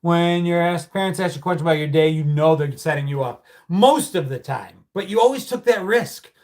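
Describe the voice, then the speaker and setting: A man's voice: a little high, a little fast, darkish tone. Chatty middle-aged man telling stories. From United States. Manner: storytelling, reads out viewer comments, swears casually. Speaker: livestream host. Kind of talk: casual livestream chat.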